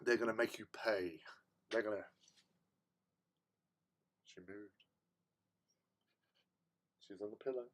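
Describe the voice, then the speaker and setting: A man's voice: lowish voice, steady tone, slow pace, pauses often. A man hosting a hobby livestream, chatting casually in a rambling, self-mocking way. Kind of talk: casual chat.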